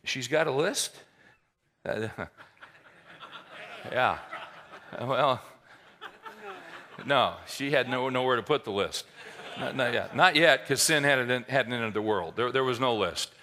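A man preaching a sermon in an animated way, mixing humorous asides into the teaching. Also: medium pitch, takes it slowly, pauses often. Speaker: pastor.

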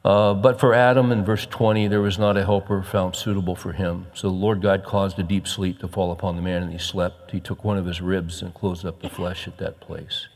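Folksy low-voiced preacher in a big hall. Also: male voice, a little fast, hardly any pauses. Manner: folksy, animated preaching with rising excitement and soft chuckles. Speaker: pastor. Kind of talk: sermon.

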